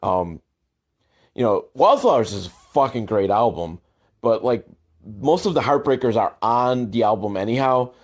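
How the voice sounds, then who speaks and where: A man's voice: lowish voice, a little mellow. A man hosting a comedic movie commentary, rambling with sarcastic, self-deprecating asides and many fillers.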